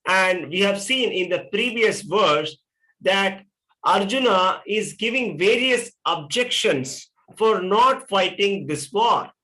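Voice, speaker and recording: A man's voice: high voice, expressive, slow, bright, forceful tone, low-quality recording. A middle-aged man, teaching a scripture class and explaining patiently with rhetorical questions. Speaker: spiritual teacher.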